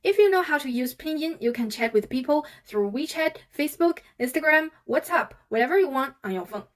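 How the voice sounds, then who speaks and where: Higher-voiced woman teaching a language. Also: lively intonation, a little fast. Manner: patient, demonstrates sounds aloud. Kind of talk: online language lesson.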